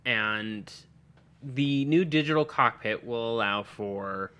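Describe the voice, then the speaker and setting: A man's voice: mid-range voice, slow pace, pushed and bright, clean tone, lo-fi sound. A man co-hosting a casual podcast chat, loose and profane, trailing off and laughing. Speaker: podcast co-host.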